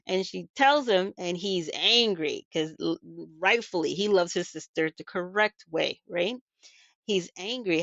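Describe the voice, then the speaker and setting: A woman's voice: mid-range voice, measured pace, fairly bright tone, no room sound, muffled recording. A woman host retelling a story in a casual, chatty way, emphatic and full of rhetorical asides. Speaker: video host.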